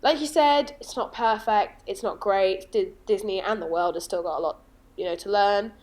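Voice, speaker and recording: A woman in her twenties co-hosting a casual movie podcast, chatty and quick to laugh. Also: medium pitch, darkish tone. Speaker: podcast co-host.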